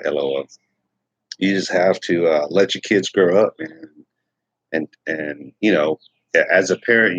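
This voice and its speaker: A man's voice: low voice, husky, dry recording, dull audio. A middle-aged man from Texas hosting a casual morning livestream, rambling with many fillers and restarts. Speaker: livestream host.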